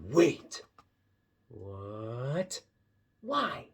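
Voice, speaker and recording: A man voicing an anxious, impatient male elephant in a read-aloud storybook, asking slow questions. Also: mid-range voice, huge pitch swings, a bit bright, husky, full character voice. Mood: fretful.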